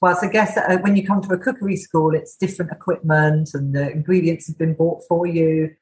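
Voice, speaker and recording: A woman's voice: sits low, fairly even intonation, fairly quick, a little mellow, low-quality recording. A woman guest in a casual podcast interview, talking enthusiastically about her cookery school. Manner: enthusiastic, chatty.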